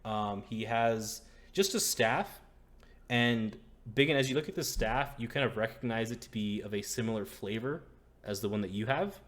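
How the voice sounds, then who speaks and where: Low-voiced man running a tabletop game. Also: moderate pace, fairly bright tone. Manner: casual, hesitant with many fillers. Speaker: game master.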